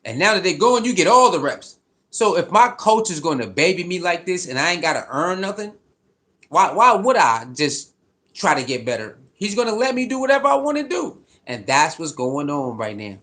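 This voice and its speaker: A man's voice: high voice, big pitch swings, moderate pace, bright, forceful tone. Fired-up man ranting about football. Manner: fired-up, profane, repetitive. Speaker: sports commentator. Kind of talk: heated sports commentary rant.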